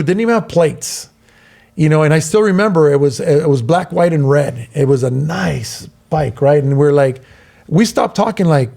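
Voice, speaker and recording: A man's voice: on the high side, moderate pace, vocal fry. A middle-aged man from Southern California casually telling a long story on a podcast, acting out the voices of the people in it. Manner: animated, acts out quoted voices. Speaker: podcast co-host.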